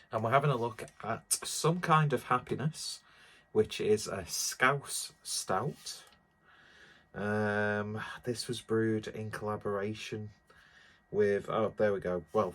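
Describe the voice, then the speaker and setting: A man's voice: lowish voice, fairly bright tone. A man reviewing a beer in a rambling, self-deprecating way with lots of fillers, a little out of breath. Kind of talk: casual beer review vlog.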